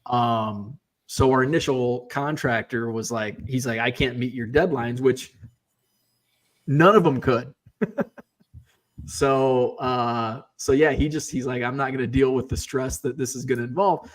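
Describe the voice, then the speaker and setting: A man telling a story casually, acting out the quoted lines with lively shifts in his voice. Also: mid-range voice, a little slow. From Midwestern US. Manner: animated, acts out quoted voices. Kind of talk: casual storytelling on a live stream.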